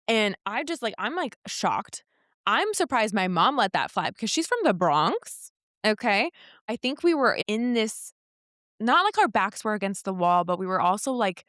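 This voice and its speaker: A woman's voice: mid-range voice, moderate pace, no room sound, studio quality. A young woman in a casual podcast conversation, candidly retelling her experiences and acting out what people said to her. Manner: candid, animated retelling with quoted dialogue. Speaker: podcast guest.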